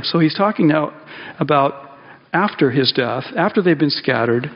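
Gravelly-voiced pastor preaching in a hall. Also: male voice, a little high, normal speed. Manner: conversational, animated, with frequent fillers and restarts. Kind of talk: sermon. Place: church sanctuary. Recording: dull lo-fi sound in a reverberant hall.

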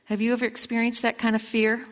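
A woman's voice: a little high, completely flat delivery, quick pace, muffled recording. Woman preaching in a reverberant hall. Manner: dramatic storytelling with direct questions to listeners. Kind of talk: sermon.

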